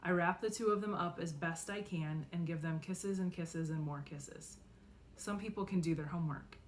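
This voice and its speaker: A woman narrating a novel in the first person, expressive and acting out the dialogue. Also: fairly low pitch, moderate pace, slight background noise. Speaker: audiobook reader.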